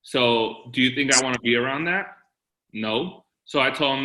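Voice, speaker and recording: Bright-voiced man in an echoey room. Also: mid-range voice, normal speed. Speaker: co-presenter sharing his story. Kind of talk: casual personal story.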